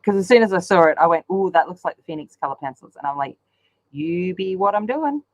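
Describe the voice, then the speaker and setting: A woman's voice: lowish voice, rapid-fire, no room sound, low-quality recording. Woman, casual colouring chat, rambling, lots of ums, dry close sound. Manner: chatty and rambling, with many ums. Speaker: colouring channel host. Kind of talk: casual chat while colouring on a live stream.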